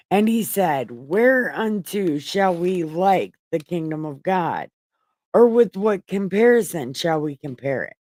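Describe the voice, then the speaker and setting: A woman's voice: lowish voice, a little mellow, no room sound. A woman casually reading the Bible on a livestream, stopping to correct herself, swearing in her paraphrases and rambling to her viewers. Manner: irreverent, swears while paraphrasing; rambling, self-correcting, talks to an empty chat. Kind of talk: casual live Bible reading with chatty asides.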